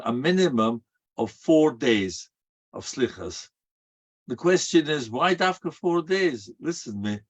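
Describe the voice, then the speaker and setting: A man giving a sermon as a rabbi, telling stories and asking and answering his own rhetorical questions, peppered with Hebrew and Yiddish terms. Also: medium pitch. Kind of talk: sermon to a live audience. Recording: dull lo-fi recording.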